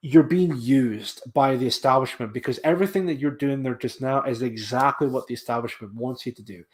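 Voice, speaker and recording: A man hosting a casual livestream, at an even middle pitch. He rambles and repeats himself, and he throws in scornful asides as he goes along. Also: brisk. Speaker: livestream host.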